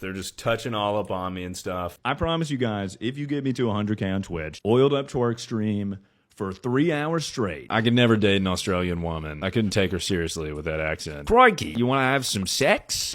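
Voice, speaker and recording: A young man with a lowish voice, talking to his stream in a dry, deadpan way. He tosses out crude one-liners and answers viewers' questions with flat comebacks. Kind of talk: comedic stream chat.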